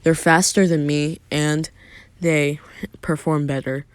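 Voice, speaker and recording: A man's voice: on the high side, flat delivery, takes it slowly, clear, resonant tone, no echo. Man reading as a friendly bird spirit.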